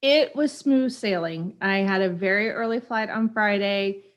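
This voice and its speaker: A woman from Kansas City hosting a podcast in casual chat, upbeat and quick to laugh. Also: medium pitch. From Kansas City, USA. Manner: upbeat, chatty, laughs easily. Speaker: podcast host.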